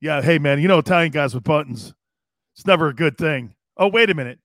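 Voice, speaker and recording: A man hosting a live sports talk show, animated and joking, laughing often and swearing casually as he reads the chat. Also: fairly high pitch, fast, no room sound, clean studio sound. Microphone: studio mic he adjusts himself.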